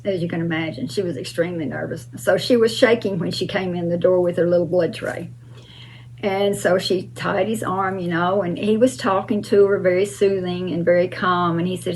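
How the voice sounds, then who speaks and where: Older woman with a gravelly low voice. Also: darkish tone, a little hiss or hum, poor audio. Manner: emphatic, with frequent uh and um. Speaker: channel host answering fan questions. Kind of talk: casual Q&A.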